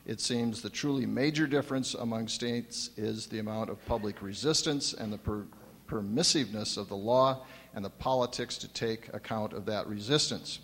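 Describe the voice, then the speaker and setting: A man's voice: on the low side, normal speed, fairly bright tone. A man speaks as a panelist at a conference, working through notes he wrote down and slipping in dry jokes. His voice rings out with a long reverb from a large hall. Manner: dry humor, reads from notes. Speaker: panelist commissioner. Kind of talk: prepared remarks on a panel.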